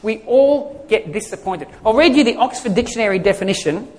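This male pastor has a high, darkish voice with lively intonation and a fairly quick pace. He preaches conversationally, posing questions to the congregation and answering them himself, and the recording carries a long hall reverb.

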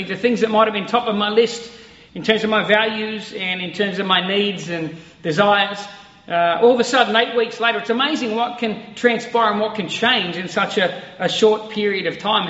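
A man's voice: sits high, a bit bright, echoey room, long reverb tail, lo-fi sound. A man preaching an online sermon to a camera in an empty church, talking in a conversational, reflective way. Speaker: pastor. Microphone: facing a camera.

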